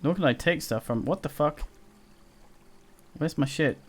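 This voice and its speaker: A man's voice: fairly high pitch, a little slow. A male streamer giving casual live commentary while he plays, rambling and swearing, with frequent restarts. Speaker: game streamer.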